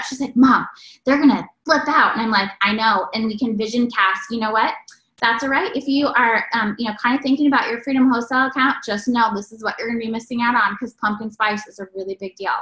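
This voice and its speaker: Casting note: high, bright, energetic woman delivering a motivational stage talk in an echoey room. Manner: energetic, preachy, exclamatory. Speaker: network marketing speaker.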